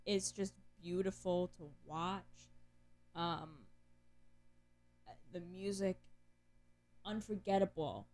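Chatty young woman with a lower voice. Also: steady tone, takes it slowly, long pauses, darkish tone. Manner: chatty, sarcastic, lots of fillers. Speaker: podcast co-host. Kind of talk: casual chat.

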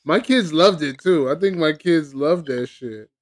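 A man co-hosting a podcast chats in a relaxed way and brushes off suggestions. His voice sits a little high for a man. The sound is dry and close. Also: unhurried, dry recording. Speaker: podcast co-host. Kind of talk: casual chat.

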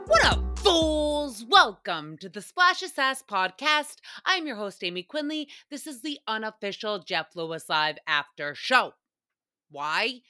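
A woman's voice: on the high side, very animated, unhurried, bright, forceful tone, no echo, faint music behind. A young woman hosting a podcast, chatting casually about a reality TV episode, swearing freely and laughing often. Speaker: podcast host. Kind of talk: casual TV recap chat.

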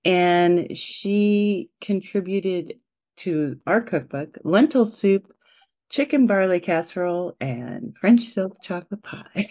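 A woman co-hosting a family podcast, explaining things in a measured, teacherly way. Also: lowish voice, animated, mellow. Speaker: podcast co-host. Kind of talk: casual family podcast chat.

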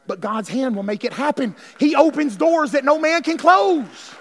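A male pastor, preaching with fervour, calling out to his congregation and swinging from hushed lines to shouts. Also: very high-pitched, expressive, moderate pace, few pauses. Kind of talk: sermon. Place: church sanctuary. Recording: long hall reverb.

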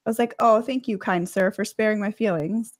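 Deadpan woman telling a story. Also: mid-range voice, fairly quick. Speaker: podcast co-host. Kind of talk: casual chat, reading out messages.

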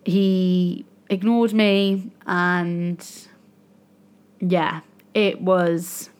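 A woman's voice: lowish voice, level tone, drawn-out words, darkish tone, smooth. A young woman hosting a solo podcast, venting frankly and with frustration about her own choices. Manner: frustrated, venting, self-critical. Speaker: podcast host. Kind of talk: candid solo podcast monologue.

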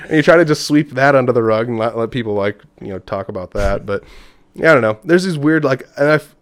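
A man's voice: mid-range voice, animated, fast, no echo. A man, a podcast guest, talking in casual conversation, rambling through stories and acting out what people said. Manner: rambling storyteller who acts out quotes.

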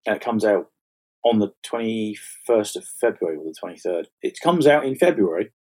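A man, a fantasy author chatting as an interview guest, self-mocking and quick to laugh at his own stories. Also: lowish voice, animated, darkish tone, slightly rough. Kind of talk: casual interview chat.

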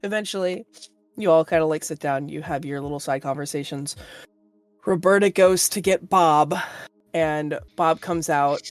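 A woman with a lowish voice runs a tabletop game, chatty and loose, full of fillers as she narrates. Faint music plays underneath. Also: no echo. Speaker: game master.

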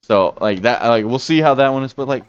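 This podcast co-host talks briskly in a clear, resonant mid-range voice, though the recording sounds muffled and has no echo. His casual chat wanders, full of restarts and fillers.

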